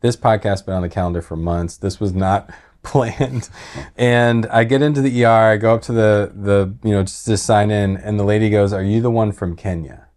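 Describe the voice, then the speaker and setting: Animated man telling a personal story. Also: fairly low pitch, normal speed. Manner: animated, laughing retelling that drops to quiet, heavy tones. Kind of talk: casual storytelling.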